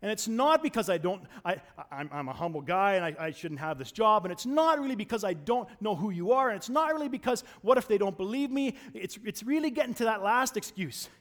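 Male preacher, fairly high voice, chatty sermon delivery, swings between loud emphasis and soft asides. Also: lively intonation, brisk, few pauses. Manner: conversational, repeats words when restarting.

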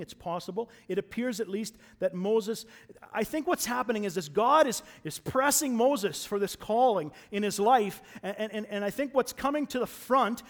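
This preacher has a high voice and delivers his sermon conversationally. Restarts and repeated words are common, and he swings from raised emphasis to quiet asides.

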